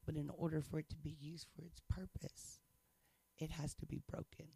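A man's voice: fairly high pitch, level tone, normal speed, gravelly, dark tone, slightly rough, dry recording. A man sharing his faith testimony in casual chat, earnest and playful, laughing often.

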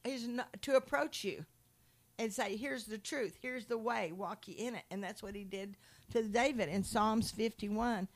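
A woman in a Christian conversation, teaching from the Bible with animated storytelling and acted-out quotes. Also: fairly high pitch, unhurried. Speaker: Christian speaker.

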